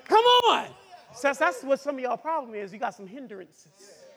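A man preaching a sermon who shouts, cries out and then drops to a hush, heard in a church hall. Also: very high-pitched, animated, normal speed. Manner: shouting, cries out, swings from loud to hushed. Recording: long hall reverb.

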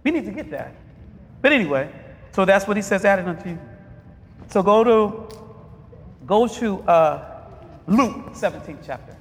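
A man preaching a sermon, asking the congregation to finish his lines and breaking into shouts. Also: high voice, expressive, unhurried, pauses often. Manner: call-and-response questions, bursts of shouting. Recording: long reverb of a large hall.

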